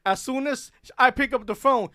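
A man's voice: extremely high pitch, moderate pace, clean tone, no echo, studio quality. A man hosting an interview show, joking with his guest in casual chat and often repeating his first words. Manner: jokey, excitable, repeats words when starting. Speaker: radio host.

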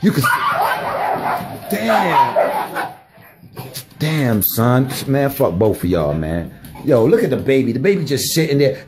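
A young man doing comic, slangy commentary as a mock mediator, scolding and coaxing in animated bursts. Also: medium pitch, slow pace, long pauses, breathy edge. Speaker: comedic vlogger. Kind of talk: comic running commentary to dogs.

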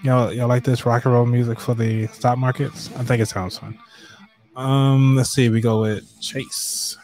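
A man's voice: medium pitch, level tone, unhurried, a little mellow. A man hosting a casual live chat about finances, chatty and full of fillers as he talks to viewers. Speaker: livestream host. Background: light background music.

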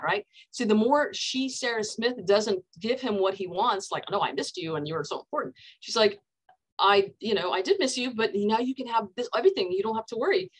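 A woman's voice: mid-range voice, poor audio. Chatty American woman presenting over video call. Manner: chatty, many fillers and restarts. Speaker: counselor giving a book talk.

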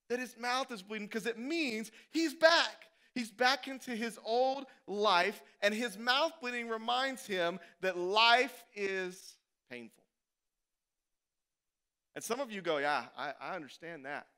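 A man preaching a sermon as pastor, animated and conversational, swinging from loud to hushed. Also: high voice, unhurried. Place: church.

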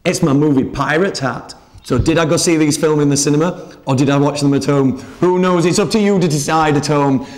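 Dry, jokey TV presenter. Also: male voice, fairly high pitch, brisk, a little mellow.

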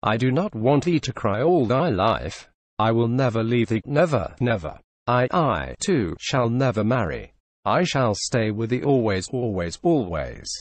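A man's voice: mid-range voice, big pitch swings, dry recording. A man reading as a frightened dying young woman. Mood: tender. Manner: halting, broken pleading.

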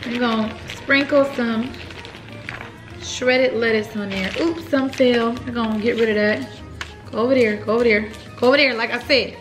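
A woman hosting a casual cooking vlog in her home kitchen, chatting straight to viewers as y'all. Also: a little high. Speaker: vlogger host.

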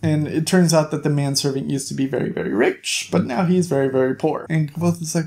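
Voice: mid-range voice, steady tone, brisk, gravelly, hardly any pauses, a little mellow. A book reviewer giving a casual, chatty recap of a novel, with playful, jokey asides to the listener.

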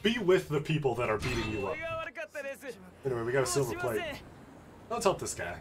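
A man streams a video game and comments in a casual, playful way, tossing out wry asides. His voice sits in a middle register. Game music plays clearly behind him. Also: mid-range voice, big pitch swings, a little fast. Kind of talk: gameplay commentary.

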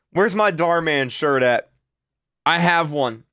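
An excitable man in his twenties chats casually through a reaction video. He repeats himself and jumps into high shouts. His voice is bright and swoops widely, and the recording is close and dry. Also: slow, no room sound. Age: 20s.

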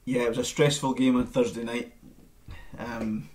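A man's voice: medium pitch, normal speed. Chatty man teaching a live lesson. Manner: relaxed, chatty, counting in. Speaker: bagpipe teacher. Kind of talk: live-streamed online music lesson. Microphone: camera mic.

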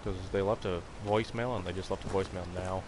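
A man's voice: sits low, fast talker. A young man live-streaming a game, chatting casually with viewers and swearing now and then. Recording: steady background noise.

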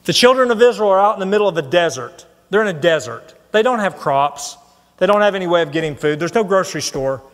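A middle-aged man preaching a sermon, telling a personal story in an earnest, animated way. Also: high-pitched, fast. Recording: long hall reverb.

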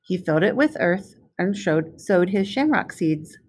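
A woman, a preschool specialist, reading a picture book aloud to young children in a slow, clear storytelling manner. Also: lowish voice, sing-song, darkish tone.

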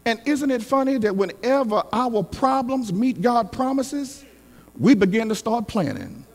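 A man delivers a sermon in a high voice that leaps up and down with feeling. He builds to shouted peaks and calls on the congregation to answer. His voice rings in a reverberant church hall. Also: big pitch swings, a little slow. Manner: emphatic, call-and-response preaching with shouted peaks. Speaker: pastor.

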